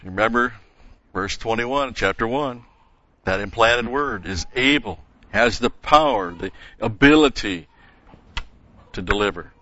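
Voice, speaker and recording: A man teaching a verse-by-verse Bible lesson, methodical, explaining grammar and pausing with "okay?" and "uh". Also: on the low side, animated, pushed and bright, lo-fi sound.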